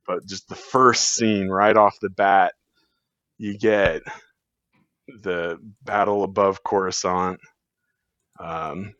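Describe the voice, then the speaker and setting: A man's voice: low-pitched, a bit bright, no room sound. A man talking as a podcast guest in a rambling, casual way, full of fillers and restarts. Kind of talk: casual chat. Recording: dull lo-fi sound.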